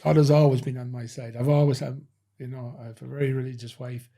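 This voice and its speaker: Husky man telling stories. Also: mid-range voice, flat delivery, quick pace, mellow. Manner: rambling anecdotal telling, frequent "you know". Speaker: former nightclub head doorman, guest. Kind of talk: casual interview storytelling.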